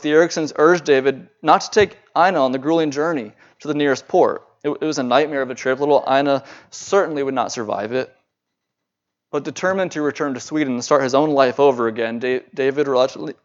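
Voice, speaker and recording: An earnest male preacher retells a story in a sermon, his delivery unhurried and at times halting on repeated words. His voice sits at an ordinary pitch. The recording sounds dull and muffled. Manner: earnest, with halting repetitions when speaking freely.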